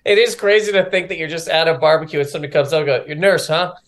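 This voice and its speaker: A man's voice: a little high, racing, a bit bright. A man guesting on a comedy podcast, riffing bluntly and emphatically with swearing. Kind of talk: casual comedy podcast chat.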